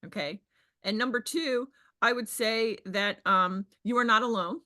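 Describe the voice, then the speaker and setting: A woman business coach leading a group video call, talking emphatically and acting out other people in a high squeal. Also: a little slow, bright, forceful tone. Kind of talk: animated coaching talk.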